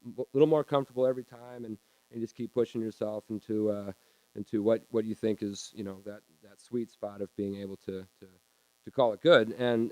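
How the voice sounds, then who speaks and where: Halting man telling a stage story. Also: medium pitch, a little mellow, no room sound. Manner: halting, repeats words while acting out his own reactions. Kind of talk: personal story told live on stage. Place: small theater.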